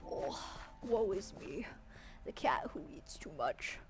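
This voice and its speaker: A woman voicing a grumpy, self-pitying old male cat in a low, gravelly voice. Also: sing-song, slow pace, music in the background.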